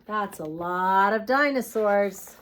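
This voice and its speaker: A woman teaching a preschool craft class and reading a picture book aloud to young children, slow and playful. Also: medium pitch, a bit bright.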